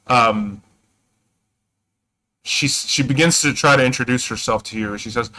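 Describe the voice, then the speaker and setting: A man's voice: mid-range voice, steady tone, takes it slowly, sharp tone, clean tone, poor audio. A man narrating as game master, hesitant and full of fillers and self-corrections.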